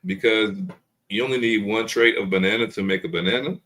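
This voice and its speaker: Deep-voiced man explaining calmly. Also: a little fast. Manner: explains step by step, repeats himself. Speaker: snake breeder guest. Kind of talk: casual show-and-tell chat. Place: video call.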